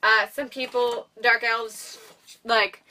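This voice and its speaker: Rambling young woman, bright, far from the mic. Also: a little high, little pitch movement, slow pace. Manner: rambling, giggly, acts out characters' lines. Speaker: podcast co-host. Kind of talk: casual movie recap chat.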